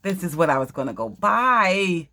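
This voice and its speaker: A woman's voice: lowish voice, big pitch swings, normal speed, bright, forceful tone. A woman casually chatting through an unboxing vlog at home, effusive, gasping and repeating her words. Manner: effusive, exclaims and gasps over items, repeats phrases. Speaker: crafting vlogger.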